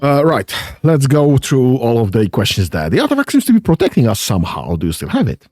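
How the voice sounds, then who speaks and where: A man's voice: medium pitch, big pitch swings, fairly quick, darkish tone, soft background music. A man playing a video game and commenting casually as he goes, thinking aloud with lots of hesitations. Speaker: gaming streamer. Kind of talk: casual let's-play commentary.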